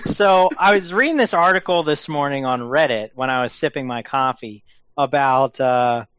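A man's voice: mid-range voice, moderate pace, a bit bright, smooth, dry recording. A man hosting a casual podcast, rambling through a story with fillers and restarts. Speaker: podcast host.

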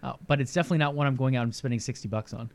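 A young man co-hosting a casual gaming podcast, chatty and speculative, thinking out loud. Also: mid-range voice, very fast. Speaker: podcast co-host.

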